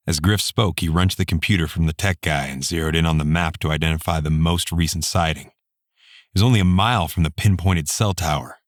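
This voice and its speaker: A male audiobook narrator reading in a steady, measured way. His voice is deep and the sound is dry and close, with no room around it. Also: no room sound. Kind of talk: scripted narration.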